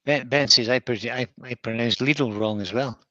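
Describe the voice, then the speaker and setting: Jokey Scottish man with a bright voice. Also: mid-range voice, normal speed, no echo, highs cut off. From Scotland. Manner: jokey, laughs often. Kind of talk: casual banter.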